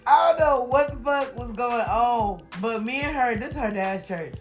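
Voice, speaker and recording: A woman's voice: on the high side, normal speed, soft background music. A young woman guest joking and teasing friends in casual chat. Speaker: podcast guest.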